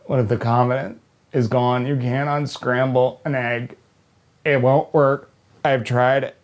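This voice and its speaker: A man hosting a comedy show, delivering a profane, conspiratorial monologue that swings from hushed near-whispers to loud manic shouting. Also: mid-range voice, flat delivery, unhurried.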